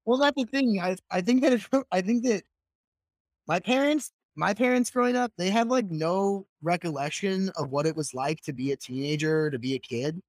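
Co-host, man with a slightly high voice, relaxed, laughs a lot, dry sound. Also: normal speed, no room sound. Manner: relaxed, laughs often, swears. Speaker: podcast co-host. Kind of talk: casual chat.

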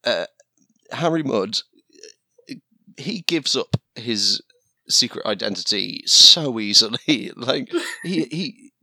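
A man, co-hosting a podcast in casual chat, halting and full of restarts. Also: medium pitch, expressive, creaky, pushed and bright, no room sound. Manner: hesitant, many restarts and laughs. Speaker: podcast co-host.

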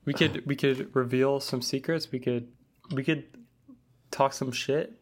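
A man's voice: mid-range voice, fairly even intonation, unhurried. A young man in college co-hosting a casual podcast, laid-back and teasing. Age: young adult. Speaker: podcast co-host, college student. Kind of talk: casual chat.

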